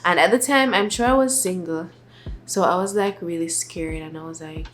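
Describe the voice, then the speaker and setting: Soft-spoken young woman chatting casually. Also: lowish voice, normal speed, a little hiss or hum. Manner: soft-spoken, rambling, many "like" fillers. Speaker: vlogger. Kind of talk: casual sit-down chat.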